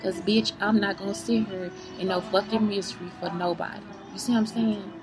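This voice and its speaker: A woman's voice: medium pitch, steady tone, brisk, music in the background, low-quality recording. A woman giving a rambling, profane, unscripted venting monologue to her viewers, often asking if they see what she means. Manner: heated, profane, keeps asking "you see what I'm saying?"; rambling, circling back on herself.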